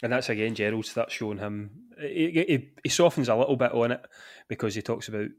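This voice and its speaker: A man's voice: medium pitch, a little fast. A man co-hosting a casual chat, easygoing, agreeing often and restarting his sentences. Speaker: podcast co-host.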